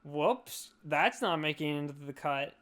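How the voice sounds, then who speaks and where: A young man, drunk, hosts a podcast and rambles through a casual chat, swearing and slurring his words. His voice sits fairly high with lively intonation and a fairly bright tone, moving at a moderate pace.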